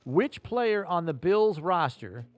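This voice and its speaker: A man's voice: high voice, takes it slowly, faint music behind. A man co-hosting a sports podcast, quizzing his partner and talking roster moves. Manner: lively quizmaster, reads ad copy. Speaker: podcast co-host. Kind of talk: sports podcast quiz and chat.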